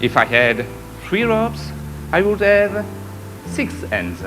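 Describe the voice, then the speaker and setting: A man from France with a French accent, performing magic in slow, whimsical stage patter. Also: sits high, sing-song, music in the background, poor audio. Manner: whimsical, deliberate audience-teasing delivery.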